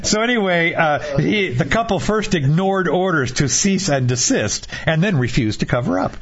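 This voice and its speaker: A man's voice: fairly high pitch, lively intonation, moderate pace, crowd noise. A man hosting a casual comedic podcast, reading out news stories in a chatty way and laughing through them. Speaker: podcast host. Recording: dull lo-fi podcast recording.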